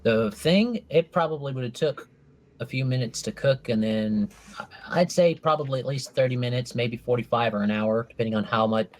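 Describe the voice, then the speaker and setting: A man as game master, narrating a tabletop game and slowing down to describe each scene in detail. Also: mid-range voice.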